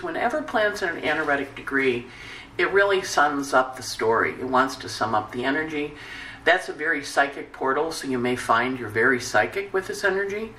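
A woman astrologer hosting a casual weekly forecast, talking in a chatty, animated storytelling way with many asides. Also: low voice, slight background noise. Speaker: astrologer host. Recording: echoey room, distant mic.

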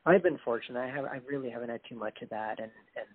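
A man's voice: medium pitch, quick pace. A man being interviewed as a guest musician, talking earnestly in a rambling way with frequent restarts. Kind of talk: casual interview chat. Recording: tinny phone-like call audio.

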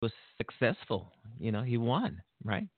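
Hosting his own program, an Illinois man delivers meandering, outraged political commentary punctuated by laughter and restarts. He speaks unhurriedly at a medium pitch with big pitch swings, and the recording is dry and tinny, like a phone line.

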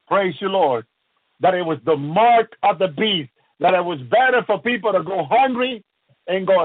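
A man delivers an impassioned sermon in a high, fervent voice, halting and repeating prayerful refrains. The sound is tinny and narrow, like a phone line, with a dry, close feel. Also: dry recording. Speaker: preacher.

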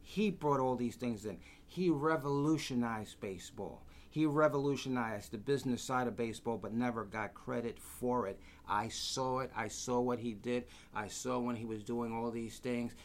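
A man, telling lively stories as a guest and acting out the voices of the people in them. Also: medium pitch, moderate pace, hardly any pauses. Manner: animated, acts out quoted voices. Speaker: guest storyteller. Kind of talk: casual anecdotes.

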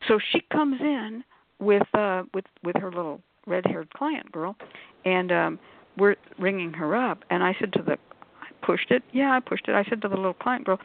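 A woman on a call-in show panel telling an animated story, acting out quotes and using many fillers. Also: medium pitch, normal speed, gravelly. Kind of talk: casual storytelling. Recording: tinny phone-like line.

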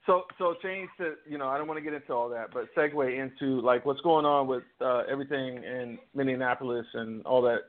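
A man's voice: medium pitch, a little fast, few pauses. A man hosting a casual podcast, cutting in and steering the talk, swearing freely. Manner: interrupting, steering the talk, profane. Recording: tinny phone-line sound.

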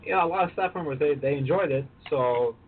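Male guest, hesitant and soft-spoken, medium voice, phone-quality recording. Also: on the high side. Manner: halting, with many fillers. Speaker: guest, honey maker. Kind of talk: casual interview chat. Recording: tinny phone-like sound, faint noise.

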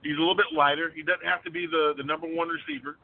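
A man calling in to a sports radio show, telling animated stories about football and his friends. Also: fairly high pitch, fast, creaky, a little hiss or hum. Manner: animated storyteller, does voices of friends. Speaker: caller. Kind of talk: casual sports talk. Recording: tinny phone line.

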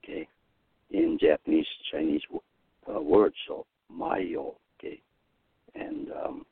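A man giving a Dharma talk with a lively, wide-swinging delivery. The sound is tinny and narrow, like a phone line, and dry. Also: takes it slowly, creaky, breathy edge, dry recording. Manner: animated, swings pitch widely and laughs at himself.

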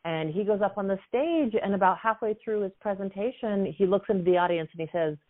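A woman's voice: medium pitch, brisk. Woman telling stories over a phone-like line. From United States. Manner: animated storyteller, frequent "you know" fillers. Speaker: guest, coach and author. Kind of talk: storytelling in a conversation. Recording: phone-like narrow sound.

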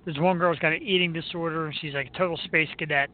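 A man hosting a radio show, his voice sitting a little high for a man. He rambles along in easygoing chat and pokes fun at himself. The sound is thin and tinny, like a phone line. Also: fairly even intonation, quick pace. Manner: rambling, self-deprecating, joking.

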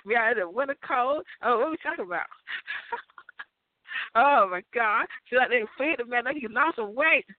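A woman's voice: fairly high pitch, expressive, normal speed, dry recording. A woman giving a rambling, profane comic rant, laughing often between lines. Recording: tinny phone-like audio, dry.

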